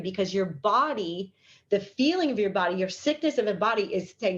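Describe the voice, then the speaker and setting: A woman's voice: mid-range voice, expressive, moderate pace. Woman guest talking healing stuff, eager, kinda dull lo-fi sound. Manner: enthusiastic, acts out inner dialogues. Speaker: guest healer. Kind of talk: conversational interview. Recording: dull lo-fi audio.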